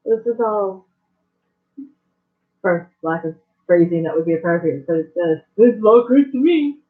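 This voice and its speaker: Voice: medium pitch, lively intonation, normal speed. A player in a tabletop game, giving brief, guarded replies. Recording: phone-like thin sound.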